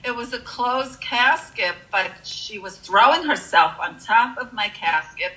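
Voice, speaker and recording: A woman's voice: on the high side, animated, unhurried, sharp tone, faint music behind, rough recording. A woman earnestly telling a personal near-death story, with frequent fillers.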